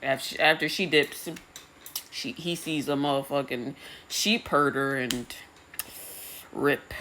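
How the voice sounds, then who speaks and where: A young woman giving a casual, profane recap of a TV episode, rambling and slangy with a deadpan delivery. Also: very deep voice, takes it slowly, a little hiss or hum.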